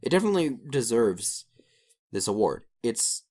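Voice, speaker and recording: A man's voice: mid-range voice, normal speed. A man co-hosting a casual podcast, swearing freely and joking around as he runs through a list. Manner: animated, swears casually, salty jokes. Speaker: podcast co-host.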